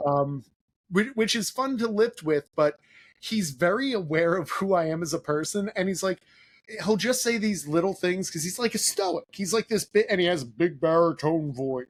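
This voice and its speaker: Man, podcast host, casual chat, higher-pitched voice, rambling, lots of fillers. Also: expressive, moderate pace. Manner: rambling, filler-heavy, leans on "like".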